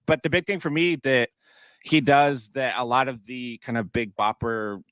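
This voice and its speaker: A man guesting on a fantasy baseball podcast, giving measured player analysis. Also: mid-range voice, steady tone, fairly bright tone, clean tone, no echo. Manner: analytical, measured, some restarts. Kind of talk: casual podcast chat.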